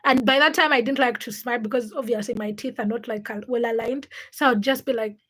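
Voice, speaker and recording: Young female livestreamer, high bright voice, chatty storyteller who laughs a lot and reads out viewer names. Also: fast talker. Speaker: livestream host. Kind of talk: casual livestream chat, greeting viewers and telling stories.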